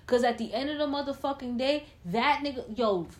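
A woman with a fairly high voice, co-hosting a casual, profane chat. She is loud and animated and keeps switching between laughter and scolding. Her talk is fast and blunt. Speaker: podcast co-host.

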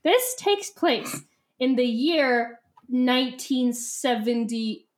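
A young woman chats about a book on her podcast, excitable and animated. Her voice sits high, and she laughs often as she breaks into quick impressions of the characters. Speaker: podcast co-host. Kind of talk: casual book discussion.

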